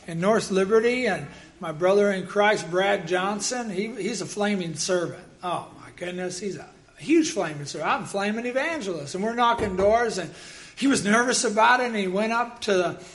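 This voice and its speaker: A man preaching a sermon as pastor, telling personal stories in a lively way and bursting into loud acted quotes. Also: high voice, moderate pace.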